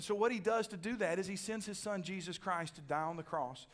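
High-voiced pastor preaching with fervor. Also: male voice, a little fast, few pauses. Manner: emphatic preaching with frequent "amen?" calls, dropping to a hushed altar call. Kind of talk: sermon.

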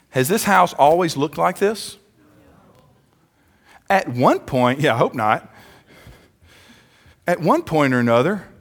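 High-voiced preacher calling for amens. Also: male voice, a bit bright. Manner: calls out for amens, slows down for emphasis. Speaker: pastor. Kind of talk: sermon.

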